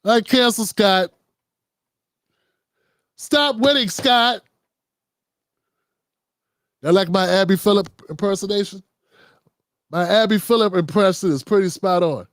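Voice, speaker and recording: A man's voice: sits high, normal speed, no room sound, clean studio sound. A man hosting his own show, giving mocking, profane comedic commentary on media figures. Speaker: host.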